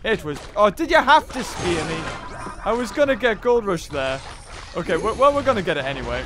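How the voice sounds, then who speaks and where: A woman hosting a let's play, excitable, muttering low then bursting into loud outbursts. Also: moderate pace. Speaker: gaming channel host. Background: game music.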